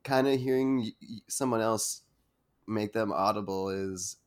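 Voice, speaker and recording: A man's voice: on the low side, unhurried, clear, resonant tone. A man hosting an interview, asking long, rambling questions full of fillers. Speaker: host. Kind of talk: casual interview chat.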